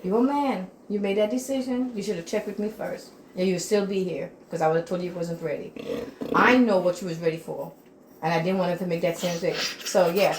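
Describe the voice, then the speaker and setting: An older woman in her kitchen telling family stories in a casual chat, animated and acting out what people said. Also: on the low side, brisk, echoey room, a little hiss or hum, low-quality recording. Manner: animated, acts out quoted dialogue in raised voice. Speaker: step-mother giving life advice. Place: home kitchen.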